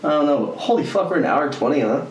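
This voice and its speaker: His voice sits on the high side, expressive and fast, and the audio sounds dull. He's a young man co-hosting a podcast, laughing often while telling loose, profane stories in casual chat, recorded in an echoey room on a distant mic with faint noise.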